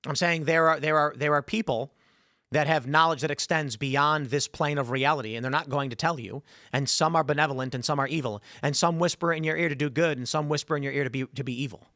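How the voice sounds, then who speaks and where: A man's voice: a little high, quick pace, pushed and bright, no room sound, clean studio sound. A man hosting a podcast, arguing his point in a casual, combative back-and-forth and often cutting in. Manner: argumentative, interrupts. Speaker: show host.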